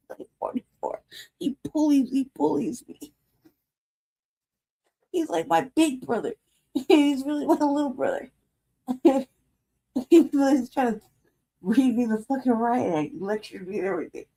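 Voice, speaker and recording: Laughing woman, mellow voice, rambling story. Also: high-pitched, expressive, takes it slowly, creaky, long pauses. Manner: rambling storytelling, laughing often, swears freely. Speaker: livestream host. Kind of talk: casual livestream chat.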